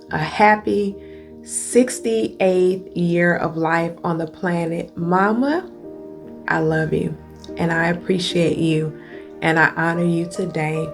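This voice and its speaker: A middle-aged woman with a low, gravelly voice tells a heartfelt personal story, talking directly to her viewers. She is fighting back tears as she speaks. Guitar music plays softly behind her. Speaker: coach and video host.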